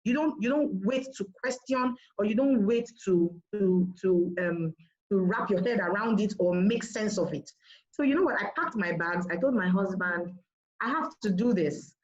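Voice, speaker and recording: A woman telling her business story in a lively storytelling manner, often acting out what others said in a raised voice. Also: medium pitch, normal speed. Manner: animated, quotes others in raised voice. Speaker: marketing director sharing her business story. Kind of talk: storytelling talk. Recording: dull lo-fi sound.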